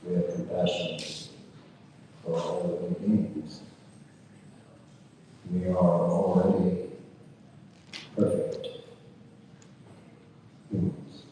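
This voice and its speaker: Man, very low voice, unhurried and halting storyteller, distant in a long-reverb hall. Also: little pitch movement, mellow, slight background noise. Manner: halting, with many "uh" fillers and repetitions. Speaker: storyteller recounting a personal experience. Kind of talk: slow reflective storytelling.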